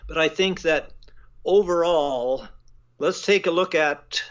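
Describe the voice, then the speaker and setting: A man talking as the guest of an interview, measured and a little halting, often pausing on fillers. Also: on the high side, a bit bright, highs cut off. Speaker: guest writer. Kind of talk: casual phone interview.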